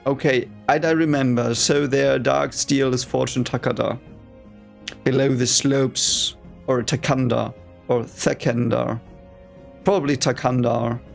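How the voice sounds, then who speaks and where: A man's voice: medium pitch, creaky. A man reading a fantasy novel aloud for the first time, with chatty, playful commentary and laughing asides. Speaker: reader reacting to a novel. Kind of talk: casual reading reaction.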